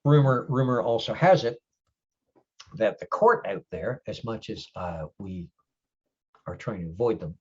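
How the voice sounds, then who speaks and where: A man playing a gruff, grumpy older male changeling lord who speaks bluntly and swears in halting explanations. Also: fairly low pitch, lively intonation, dull audio. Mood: stern.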